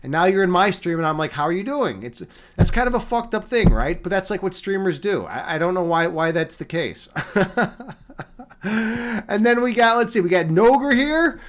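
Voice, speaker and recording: A man's voice: sits high, lively intonation, normal speed. A young man from Chicago hosting a live stream, chatting casually with many fillers and repeated words. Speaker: streamer host.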